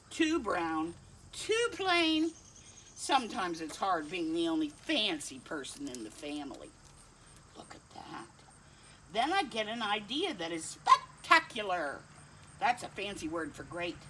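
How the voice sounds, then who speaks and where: A woman's voice: on the low side, noisy background. A middle-aged woman reading a picture book aloud to children, kindly, with asides to her pet dog. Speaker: storytime reader.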